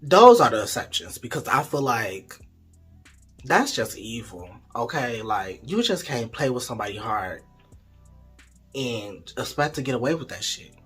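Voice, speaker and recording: A young man telling a storytime vlog story in an animated, profane, gossipy way. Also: medium pitch, unhurried, slightly rough, faint music behind. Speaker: vlogger.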